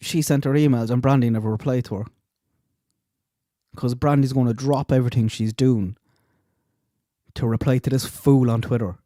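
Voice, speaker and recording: A man hosts a true crime channel and comments on clips with indignant rhetorical questions. His voice is mellow and mid-pitched, recorded dry and close. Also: fairly even intonation, moderate pace, pauses often, no echo.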